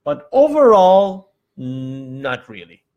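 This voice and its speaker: A man from Iran hosting a casual live show, telling stories in an animated way and acting out quotes. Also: mid-range voice, takes it slowly, muffled recording. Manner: animated storytelling, acts out quotes, frequent fillers. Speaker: host.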